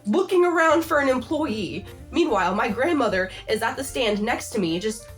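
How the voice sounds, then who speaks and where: A young adult woman telling a comedic storytime rant in a vlog, exasperated and animated, peppered with "like". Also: on the high side, normal speed, faint music behind. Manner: exasperated, animated, heavy use of "like". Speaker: vlogger.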